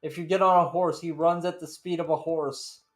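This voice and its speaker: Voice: medium pitch, fairly even intonation, moderate pace. Chatty, jokey gaming co-host. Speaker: game co-host. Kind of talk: casual gaming chat.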